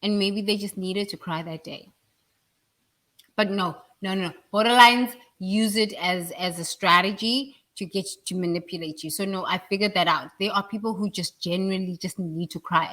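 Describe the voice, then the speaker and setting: A woman giving a blunt, emphatic spiritual talk, with sudden loud bursts. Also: mid-range voice. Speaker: spiritual speaker.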